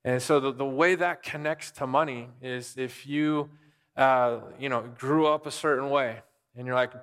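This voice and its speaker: A man's voice: medium pitch, fairly even intonation, a little slow, fairly bright tone, smooth. A middle-aged man preaching a sermon as pastor, talking casually and asking the congregation questions. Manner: conversational, asks the congregation questions. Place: church sanctuary. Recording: long reverb of a church hall.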